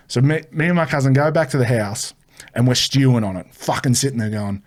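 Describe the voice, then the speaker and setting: A man's voice: mid-range voice, fairly quick. Man telling a rowdy story. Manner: animated, swearing, acts out the people in his story. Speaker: podcast guest. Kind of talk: casual storytelling.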